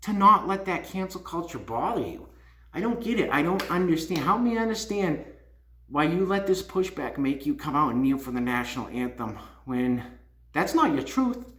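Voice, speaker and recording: A man's voice: fairly high pitch, moderate pace, a bit bright. A man hosting his own channel, scolding and repeating himself in a heated opinion rant. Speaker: YouTube channel host. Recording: echoey room.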